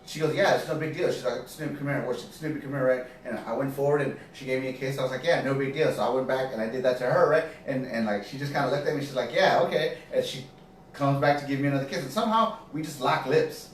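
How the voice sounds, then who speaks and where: A man hosting a casual podcast, rattling off rambling stories at a quick clip with plenty of fillers. He sits some way from the mic in a very echoey room, with faint background noise. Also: medium pitch, distant mic. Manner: rambling storyteller, lots of fillers. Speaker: podcast host. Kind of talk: casual chat.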